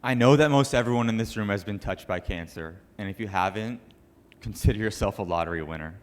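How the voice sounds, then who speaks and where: A young man with a low voice speaks to a banquet room full of people at a charity event. He tells his story as a cancer survivor, earnest and emotional. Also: brisk. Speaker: cancer survivor giving a speech.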